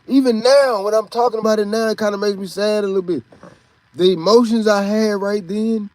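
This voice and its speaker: A man's voice: sits high, fairly even intonation, a little fast, darkish tone, no room sound. A man from Texas with a Texan accent, a podcast host telling a rambling, profane story in a casual monologue.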